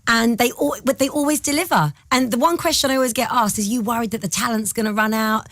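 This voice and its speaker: A woman guesting on a casual radio interview, chatty and laughing often, her voice tired and lower than usual. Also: fast talker, a bit bright, no room sound, clean studio sound. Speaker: guest, TV talent show judge.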